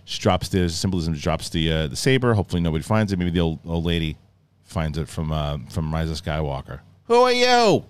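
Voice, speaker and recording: A middle-aged man giving a casual, rambling review of a show, often acting out scenes in quick mock voices. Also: extremely low pitch, steady tone, clean tone.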